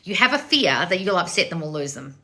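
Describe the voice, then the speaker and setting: A woman's voice: lowish voice, sing-song, a little fast, pushed and bright. A woman, a manifestation coach, giving blunt, swearing advice in a lecturing monologue.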